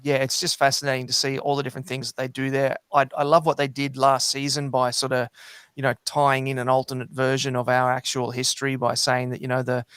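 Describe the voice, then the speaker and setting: A man's voice: mid-range voice, flat delivery, fairly quick, a bit bright, clean tone, no room sound. A man, a podcast guest chatting casually with many fillers and restarts. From New Zealand. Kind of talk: casual chat.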